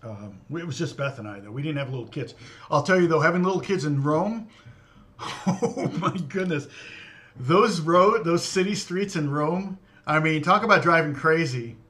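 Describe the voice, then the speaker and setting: A man's voice: fairly high pitch, expressive, normal speed, fairly bright tone. Rambling, chatty middle-aged man. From Indiana. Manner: rambling and chatty, answers viewer comments, chuckles often. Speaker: livestream host. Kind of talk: casual chat.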